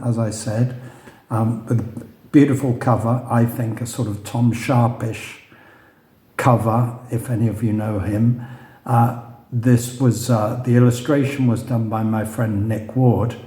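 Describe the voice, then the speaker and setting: A man's voice: mid-range voice, warm tone. A man, the author, reading his novel aloud to a live audience, making hesitant asides and telling his story dryly. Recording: roomy echo.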